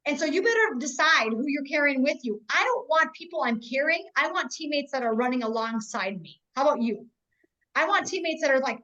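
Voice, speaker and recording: This woman in her forties trains network marketers with blunt, emphatic tough love in a high-pitched, sharp voice with lively intonation and a brisk pace. The video-call sound is dull and muffled.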